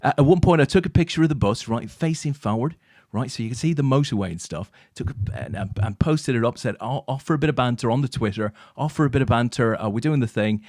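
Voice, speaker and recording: A man co-hosting a chat show and telling a lively anecdote, often tagging his lines with "right?". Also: medium pitch, fast, dry recording, clean studio sound. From England. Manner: animated anecdote-teller, tags lines with "right?". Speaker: co-host. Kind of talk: casual storytelling chat.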